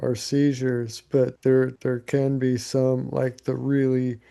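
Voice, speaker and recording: A man speaks slowly on a casual podcast and explains in halting phrases, restarting his words. His voice is gravelly and creaky. The tone is very dark and relaxed. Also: mid-range voice. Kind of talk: casual chat.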